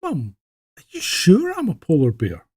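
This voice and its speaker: A man voicing a young polar bear cub in a told joke, repeating a worried question in a raised, husky voice. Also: high-pitched, wildly swooping pitch, measured pace, darkish tone, voice pushed up, heavily acted.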